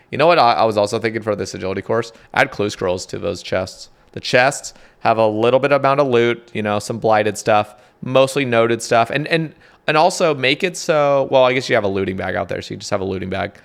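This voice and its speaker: A young man rambling casually about game updates, excitable, swearing often, reading notes aloud. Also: medium pitch, brisk, gravelly. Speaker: gaming content creator.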